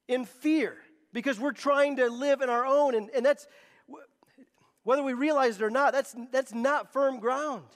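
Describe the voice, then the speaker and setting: High-voiced pastor preaching in a hall. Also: male voice. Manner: emphatic, repeats words when pressing a point. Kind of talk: sermon.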